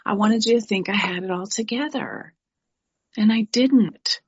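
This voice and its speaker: A middle-aged woman from New York giving a candid, animated personal share at a recovery meeting, with frank asides. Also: medium pitch, a little slow, husky, highs cut off.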